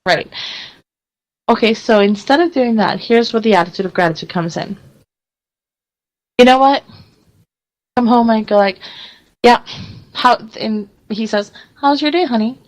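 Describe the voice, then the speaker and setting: A woman's voice: fairly high pitch, unhurried, long pauses, low-quality recording. A woman hosting a radio talk show, chatting casually and acting out little quoted scenes with frequent laughs. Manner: animated storyteller, acts out quotes, laughs often. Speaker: radio host.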